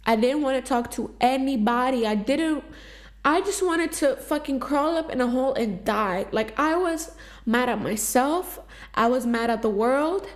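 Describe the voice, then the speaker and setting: A woman's voice: high voice, animated, a little slow. A woman telling a personal story in a candid, emotional confessional monologue, with heavy swearing, fillers and restarts. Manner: raw, emotional, swears freely. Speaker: vlogger sharing a personal story.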